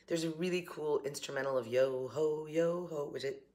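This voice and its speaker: A woman's voice: deep voice, normal speed, dark tone, slight background noise. A middle-aged woman with a Southern accent and a slight morning cough, chatting casually to camera from her kitchen. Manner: chatty, laughing, upbeat. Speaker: vlogger. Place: home kitchen.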